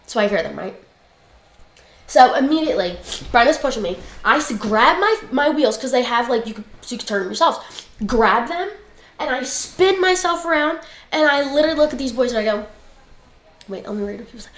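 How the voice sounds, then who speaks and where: A woman's voice: high voice, expressive, a little fast. A young woman telling a story in a casual, blunt, chatty way, swearing freely as she talks. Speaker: livestream guest. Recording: roomy echoey room.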